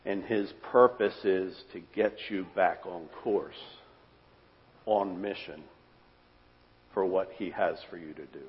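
A man preaching a sermon as pastor, earnest and repeating phrases for emphasis, his voice trailing off softly at the ends of phrases. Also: low voice, takes it slowly, pauses often. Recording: dull sound with long hall reverb.

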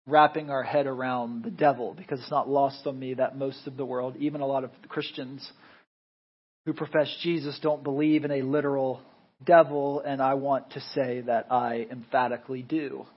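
Preaching in a conversational style, an American pastor keeps checking in with his congregation, frequently tagging lines with "right?". His voice is on the high side with a breathy edge, and the audio sounds dull.

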